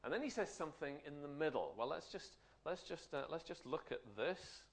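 A man's voice: on the high side, expressive, a little fast. Man teaching, chatty with tag questions. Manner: conversational, frequent tag questions. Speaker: Bible teacher. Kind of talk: Bible study teaching.

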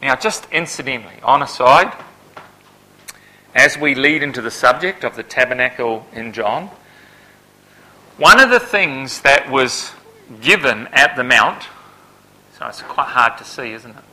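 A man preaching a Bible sermon who swells to loud, emphatic peaks and then drops back to a low, quiet delivery. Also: unhurried, pauses often, low-quality recording.

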